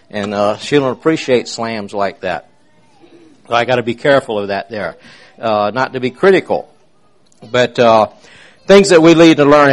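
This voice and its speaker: A man preaching an informal, rambling sermon in a folksy way, with many fillers and restarts. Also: medium pitch.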